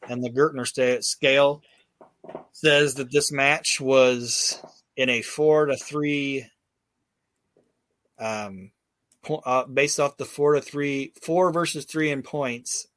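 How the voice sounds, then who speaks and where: A man's voice: mid-range voice, fairly even intonation, takes it slowly, long pauses, a bit bright, no echo. A man hosting a casual podcast, telling a rambling, profane story with lots of fillers and restarts. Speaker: podcast host. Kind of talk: casual recap chat.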